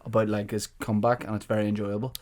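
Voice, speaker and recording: A man's voice: fairly low pitch, flat delivery, fast talker, a little mellow. A man co-hosting a podcast, chatting casually in a dry, teasing, laid-back way. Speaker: podcast co-host. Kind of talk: casual chat.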